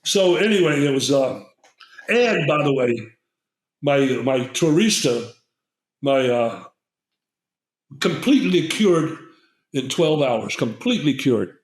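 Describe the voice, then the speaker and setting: The guest herbalist, an older man, speaks slowly with long pauses and big pitch swings in a higher voice. He tells a lengthy conversational story full of fillers and restarts, recorded with roomy echo.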